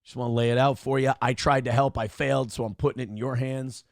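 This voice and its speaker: A man hosting a casual talk show, telling stories in an animated way, swearing and acting out quotes with sudden jumps in his voice. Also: medium pitch, quick pace, gravelly, no echo, studio quality. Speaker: podcast host. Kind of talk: casual storytelling chat.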